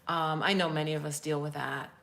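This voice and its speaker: Chatty woman coach, low voice. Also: steady tone, brisk, creaky, a bit bright. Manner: rambling, chatty and candid, addresses viewers directly. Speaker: spiritual life coach. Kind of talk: casual live-stream chat reading viewer comments.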